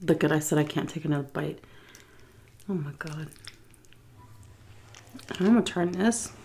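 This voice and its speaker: A woman from Texas telling a story time while she eats, chatty and animated, quoting dialogue with soft asides about her food. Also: low voice, unhurried. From Texas, USA. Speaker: food vlogger.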